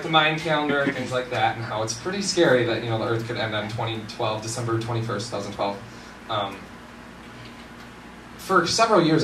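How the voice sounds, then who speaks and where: A young man doing a live stand-up routine at a university event, animated and self-mocking, with mumbled asides between louder bits. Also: a little high. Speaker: stand-up comedian. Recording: echoey hall from far off, noisy.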